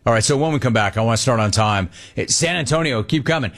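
A man hosting a sports talk radio show, animated and playful, taking calls and riffing on them. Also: mid-range voice, fast, few pauses. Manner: animated, playful, mocks callers' voices.

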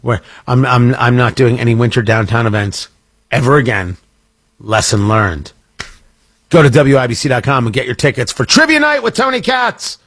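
Male morning radio host, rambling and jokey, slightly husky, dry studio sound. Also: mid-range voice, big pitch swings, moderate pace, a bit bright, no room sound. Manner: rambling, self-interrupting, jokey. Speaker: radio talk show host. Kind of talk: casual on-air chat and promo. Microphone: studio microphone.

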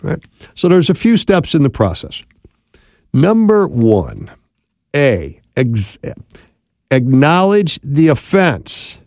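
A man's voice: medium pitch, creaky, darkish tone, no echo, clean studio sound. A man teaching about apologies in marriage, in a conversational style with frequent tag questions. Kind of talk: instructional talk on marriage.

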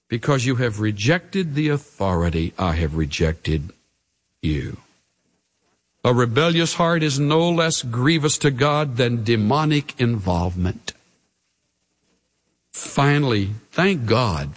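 A middle-aged man preaching a sermon as pastor, earnest and pleading, his voice swinging from raised highs down to hushed lows. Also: lively intonation, a little slow.

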